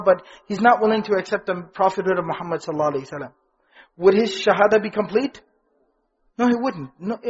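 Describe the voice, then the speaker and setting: Husky high-voiced man teaching a religious lesson. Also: lo-fi sound. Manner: questions to the audience, repeats key phrases with stress. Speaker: Islamic teacher. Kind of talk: religious lecture. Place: in front of a live audience.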